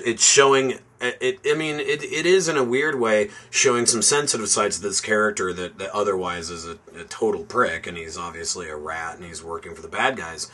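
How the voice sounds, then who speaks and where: A man with a lowish voice and a bright, forward tone talks through a film on a podcast. He rambles a bit, stacking fillers and restarts as he works out his points. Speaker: podcast co-host. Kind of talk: casual movie review chat.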